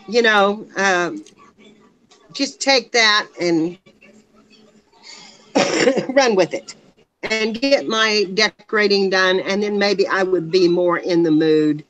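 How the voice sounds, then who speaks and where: Slow-talking woman chatting on a video call. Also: mid-range voice, a bit bright, low-quality recording. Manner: rambling, laughs often, trails off. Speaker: guest on a craft live stream. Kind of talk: casual chat.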